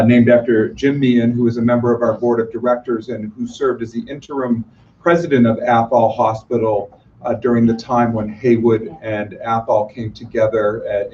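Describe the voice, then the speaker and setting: Man presenting hospital awards, halting. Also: medium pitch, a little mellow, slight background noise. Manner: formal, with frequent filler hesitations. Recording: distant lo-fi room recording.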